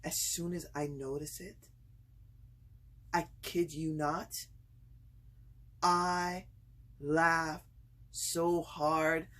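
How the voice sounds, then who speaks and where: Woman vlogger at home, slow and husky, hesitant with fillers, slightly scratchy throat. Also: sits low. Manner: hesitant, many pauses and fillers, turns excited and laughing when telling the story. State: slightly itchy throat from screaming. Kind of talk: casual personal vlog storytelling.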